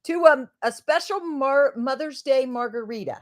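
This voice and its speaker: A woman's voice: sits high, moderate pace. A middle-aged woman hosting a casual livestream, chatting in a rambling way, laughing often and trailing off mid-sentence. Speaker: livestream host.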